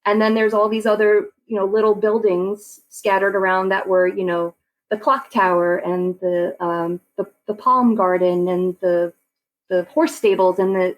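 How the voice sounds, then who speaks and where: In a rough recording, a medium-pitched woman in her forties, a real estate agent from Long Island, New York, chats casually as a podcast interview guest and laughs a lot.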